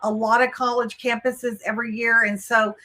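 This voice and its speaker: A woman's voice: fairly high pitch, little pitch movement, normal speed, sharp tone. A woman with a Texas accent, hosting a live online workshop on college admissions, chatty and upbeat as she greets viewers by name and walks through the plan. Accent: Texan. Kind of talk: live webinar talk.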